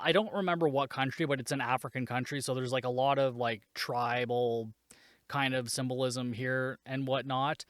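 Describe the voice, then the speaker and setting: A man's voice: mid-range voice, fairly bright tone, no echo, clean studio sound. A man hosting a solo movie podcast, recapping the plot in a sarcastic, swearing, casual way. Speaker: podcast host reviewing a movie.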